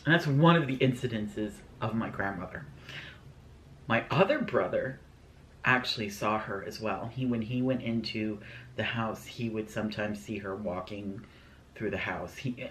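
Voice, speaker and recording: A man's voice: fairly low pitch, normal speed, a bit bright, slight background noise. A man telling ghost stories in a casual storytime vlog, scatterbrained and rambling with lots of fillers. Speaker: vlogger.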